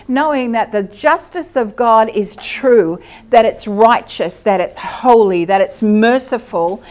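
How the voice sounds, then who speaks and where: A middle-aged Australian woman giving a lively, conversational church teaching and asking her listeners questions. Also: fairly high pitch. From Queensland, Australia. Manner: lively, asks the audience questions.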